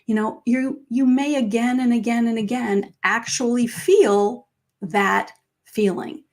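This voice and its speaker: A middle-aged woman life coach speaking to viewers in a conversational way, acting out quoted phrases with big jumps in pitch. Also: steady tone, slow, a little mellow.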